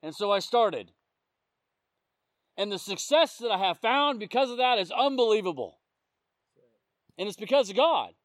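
A man with a fairly high voice delivers a casual sermon, telling stories from his work as a police officer. He keeps it conversational and keeps checking in with the room. The sound is close and dry. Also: very animated, normal speed, long pauses, no echo. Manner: conversational storytelling, often checking in with the listeners. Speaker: police officer sharing testimony. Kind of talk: informal sermon.

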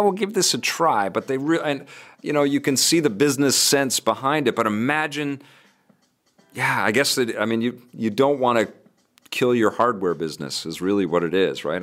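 A man's voice: fairly low pitch, fairly bright tone. A man hosting a gaming news show from a studio, chatting casually and reading viewer comments with lots of fillers and restarts.

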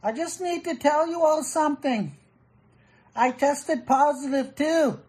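A woman putting on a deadpan Canadian man from a clip, with an exaggerated accent. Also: sits high, measured pace, pitched above the performer's own voice.

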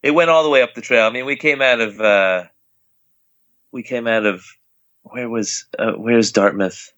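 A middle-aged man tells a story in a bright, forward voice, laughing as he goes and acting out what others said. The sound is close and dry, slightly dull at the top. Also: mid-range voice, moderate pace, no echo. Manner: laughs often while telling, acts out others' lines. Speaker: father telling a trip story. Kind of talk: casual storytelling.

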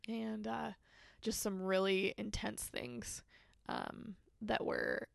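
A woman's voice: medium pitch, steady tone, slow pace, vocal fry, dry recording, clean studio sound. A young woman telling her personal story as a podcast guest, candid and conversational, full of "like" fillers. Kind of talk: personal testimony in a podcast interview.

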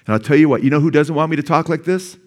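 A man's voice: fairly high pitch, racing, a little mellow. A middle-aged male pastor preaching a sermon in a church, talking conversationally and asking the congregation questions.

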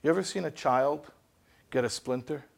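A man giving an animated lecture, telling stories and asking rhetorical questions. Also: fairly high pitch, moderate pace, gravelly. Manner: storytelling with rhetorical questions and acted-out dialogue.

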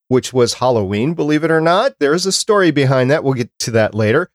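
A man's voice: medium pitch, expressive, brisk, few pauses, no room sound. Chatty male podcast host, dry sound. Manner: chatty, reads out dates and lists. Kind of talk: casual podcast chat.

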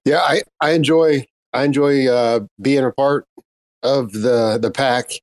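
A man's voice: mid-range voice, fairly even intonation, measured pace. Guy in an audio room, mid voice, kinda hesitant, keeps restarting. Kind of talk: casual chat in a live audio room.

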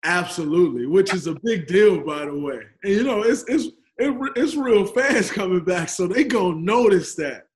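Relaxed joking man guesting on a podcast. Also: sits high, moderate pace, few pauses. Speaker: podcast guest, basketball player. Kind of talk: casual podcast chat. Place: home on the West Coast. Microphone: video call.

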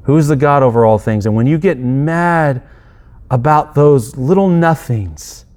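A man's voice: mid-range voice, a little slow, a little mellow. Man, middle-aged, pastor, sermon, conversational, self-deprecating, restarts sentences.

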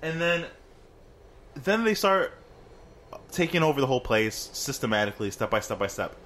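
A man co-hosting a casual chat, swearing freely and jumping up high for exclaimed quotes. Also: normal speed. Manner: animated, profane, swoops into high exclaimed quotes. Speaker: podcast co-host.

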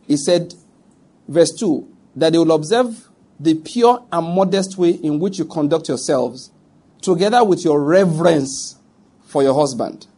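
A man's voice: fairly high pitch, animated, a little slow, warm tone, husky. A middle-aged Nigerian man preaching a sermon, emphatic and direct, repeating his points and speaking straight to his listeners.

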